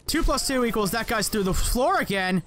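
A man giving let's play commentary on a video game, excitable, swearing and yelling at enemies, his voice cracking at times. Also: high-pitched, moderate pace, a little hiss or hum. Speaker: gaming channel host.

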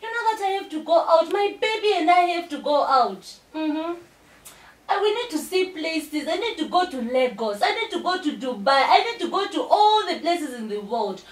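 A woman's voice: extremely high pitch, big pitch swings, normal speed. A Zimbabwean woman playing a whiny, demanding pregnant young mistress in a comedy skit, giggling between her complaints. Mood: wheedling. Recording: roomy, distant from mic.

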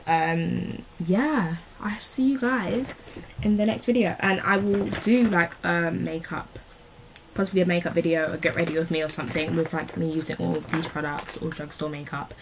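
A beauty vlogger in her twenties from England, with a London accent and a voice on the low side, rambles chattily through her video, tossing in slangy asides. The low-quality recording carries slight background noise.

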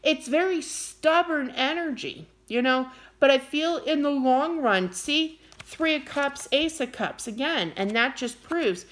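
A middle-aged woman giving a casual tarot reading to camera, animated and quick to get wound up and scold playfully. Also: sits high. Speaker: tarot card reader.

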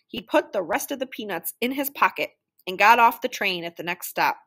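A woman reading a children's story aloud, animated and playing out the noises. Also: medium pitch, brisk. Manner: animated, sound-effect voices for noises. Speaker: children's book reader.

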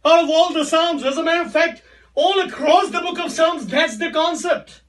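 A man preaching with a strikingly high, bright voice, swinging between hushed lines and shouting. He repeats his phrases for emphasis. He sounds set back from the microphone. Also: moderate pace, far from the mic. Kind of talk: sermon.

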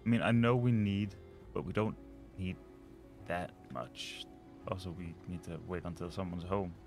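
Low-voiced man thinking aloud over gameplay. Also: fairly even intonation, moderate pace, a little mellow, faint music behind. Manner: muttering, thinking aloud, trailing off. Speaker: let's play host. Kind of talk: casual gameplay commentary.

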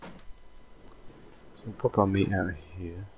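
Speaking slowly in a low voice, a man hosting a let's play thinks aloud as he games. His commentary is casual and often wanders off into laid-back, rambling tangents.

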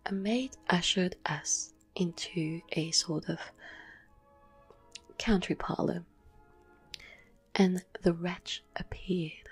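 A woman reading a classic story aloud in a slow, hushed ASMR whisper. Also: lowish voice, fairly even intonation. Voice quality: breathy whisper. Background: soft classical music.

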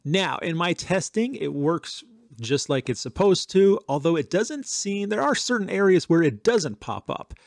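A man hosting a tech channel, chatting casually through a software demo with some fillers and dictated test sentences. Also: high voice, very animated, moderate pace, creaky, no echo, studio quality.

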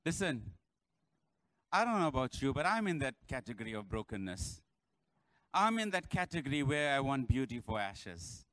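A pastor preaching a sermon in church, building to shouted refrains and calling on the congregation to answer. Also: male voice, mid-range voice, sing-song, normal speed, no room sound, poor audio.

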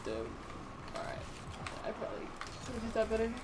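A woman's voice: a little high, big pitch swings, brisk, heavy background noise. A woman streaming a game live, chatting casually, swearing freely and answering her chat aloud.

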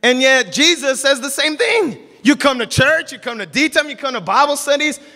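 A man preaches a sermon with animated delivery, taking on the voices of the people he quotes. His voice is high and bright, his pace moderate, and a long church-hall reverb trails the sound.

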